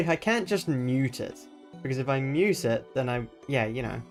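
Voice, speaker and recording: An Australian man talks through a live game stream at his home desk microphone, rambling and thinking out loud as he plays. He keeps his voice mid-range and makes fun of himself, with faint music playing underneath. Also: mid-range voice, lively intonation, moderate pace. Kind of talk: live let's-play commentary.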